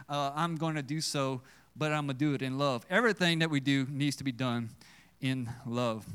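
A man delivers a sermon in an earnest, preacherly way, repeating himself and asking the congregation questions. His voice is high and pitched well above most men's. The tone is smooth and resonant. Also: a bit bright. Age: adult with children. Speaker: pastor.

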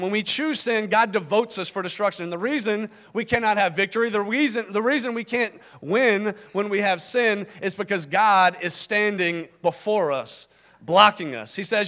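A man's voice: high voice, a bit bright. A man preaching a sermon, stressing points with repetition and acting out the voices of God and the people in scripture. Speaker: pastor.

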